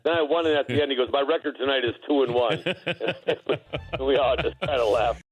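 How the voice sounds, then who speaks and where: A man recalling a game as a former teammate, halting and repeating words as he talks. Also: mid-range voice, slightly rough, low-quality recording. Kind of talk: storytelling.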